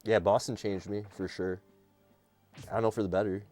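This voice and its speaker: A man hosting a live stream, chatting casually and teasing his co-host in an animated, joking way. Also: on the low side, normal speed, faint music behind.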